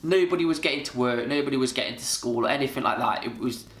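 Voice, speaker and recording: A man's voice: mid-range voice, fast, fairly bright tone. Man, thirties, casual rambling vlog chat, roomy echo. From Britain. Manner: rambling, chatty, lots of fillers. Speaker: vlogger. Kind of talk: casual reminiscing monologue. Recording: echoey room.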